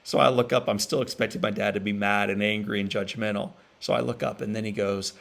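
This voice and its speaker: Gravelly-voiced man giving an inspirational speech. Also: lowish voice, steady tone, fairly bright tone. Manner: emotional storytelling, pauses and repeats for emphasis. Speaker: motivational speaker. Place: virtual event stream.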